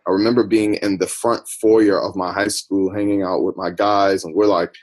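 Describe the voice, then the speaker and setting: A man's voice: low voice, flat delivery, normal speed. A man from the United States, a podcast guest, recounting his life story in a reflective, personal way. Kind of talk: interview storytelling.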